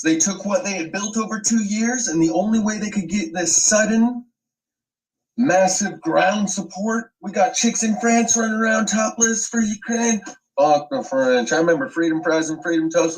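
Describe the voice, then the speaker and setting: A man's voice: high-pitched, normal speed, far from the mic, low-quality recording. A man hosting an online commentary video, ranting with emphatic, profane sweeping claims.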